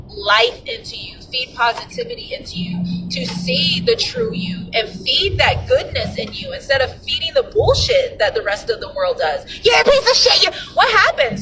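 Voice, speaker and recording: A woman's voice: high-pitched, recorded from a distance, noisy background. A woman giving casual spiritual advice in an emphatic, preachy way and swearing freely.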